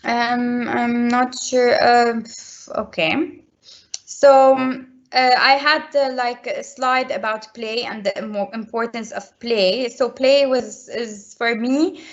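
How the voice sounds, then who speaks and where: A woman's voice: on the high side, fairly even intonation, slow. A woman presenting slides to parents in a school webinar, earnest and explanatory, with frequent restarts. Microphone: video call. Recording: muffled video call audio.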